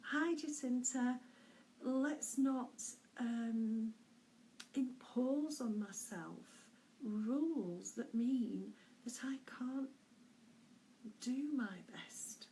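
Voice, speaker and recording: A middle-aged woman speaks as a spiritual medium in a fairly high voice, taking her time over every phrase. Her delivery is gentle and searching, with soft laughs and small hesitations. A faint hiss sits under the voice. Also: extremely slow, low-quality recording. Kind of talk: weekly spiritual message, casual and unscripted.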